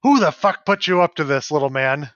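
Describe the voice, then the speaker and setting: Man playing old bartender, angry, gruff, indignant, raised higher voice, dull dry sound. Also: steady tone, a little fast, fairly bright tone, dry recording, close to an everyday voice. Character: angry elderly human male bartender.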